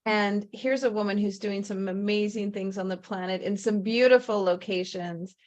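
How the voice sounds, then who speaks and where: A woman's voice: mid-range voice, steady tone, moderate pace. A woman hosting an online author event, enthusiastic and gushing as she introduces guests over a video call. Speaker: host. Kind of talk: upbeat livestream hosting.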